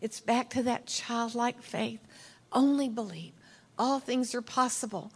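A middle-aged woman giving a heartfelt sermon as a church speaker, telling stories earnestly and emotionally, sometimes dropping to a soft whisper. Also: fairly high pitch, level tone, unhurried, breathy edge. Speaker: church speaker leading prayer.

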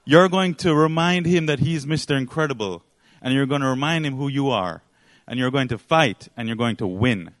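Fierce female fashion designer, scolding, bossy, higher and louder, as a preacher quotes her. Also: normal speed, few pauses, no room sound, natural voice.

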